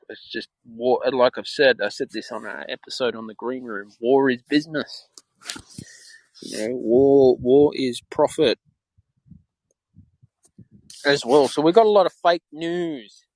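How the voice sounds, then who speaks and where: A man's voice: medium pitch, no echo, low-quality recording. An Australian man hosting a podcast alone, rambling in frustration and repeating himself. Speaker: podcast host. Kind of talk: solo opinion talk.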